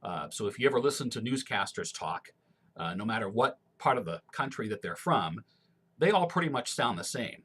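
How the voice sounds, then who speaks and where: A man from Missouri, a former radio announcer, talking casually through an accent tag in measured, clear announcer diction with a broadcast accent. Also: on the low side, very animated, fairly bright tone. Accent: General American broadcast, Missouri roots. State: allergies, throat clearing.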